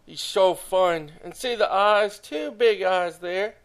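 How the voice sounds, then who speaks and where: Talking straight to his viewers, a young man narrates a drawing tutorial in a chatty, enthusiastic way. His high, fairly bright voice is clear and resonant, and he goes slowly yet with hardly any pauses.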